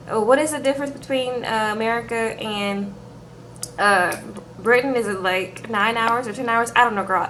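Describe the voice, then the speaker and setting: A woman's voice: on the high side, sharp tone, a little hiss or hum. A woman giving a chatty, sassy recap of a reality TV show to her viewers in a casual vlog, calling them girl and y'all. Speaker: reality TV reviewer.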